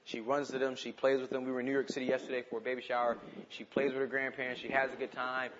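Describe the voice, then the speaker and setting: A man preaching a sermon, moving between urgent, passionate pleas and quiet, reflective asides. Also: mid-range voice, flat delivery, quick pace, dull audio, noisy background. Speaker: pastor.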